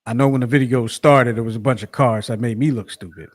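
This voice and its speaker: A man's voice: medium pitch, steady tone, quick pace. A man co-hosting a sports podcast, chatting casually, rambling with many restarts and fillers. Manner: rambling, repeats himself, frequent fillers. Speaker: podcast co-host.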